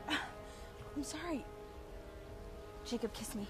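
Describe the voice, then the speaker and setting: An actress playing an awkward teenage girl torn between two suitors, halting and deadpan in a parody sketch. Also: high voice, music in the background.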